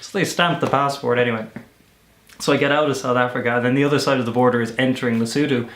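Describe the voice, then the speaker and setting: Irish man, young adult, casual vlog storytelling, mid pitch, roomy echo. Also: quick pace. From Ireland. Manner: chatty, animated storyteller with self-corrections. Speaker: volunteer vlogger.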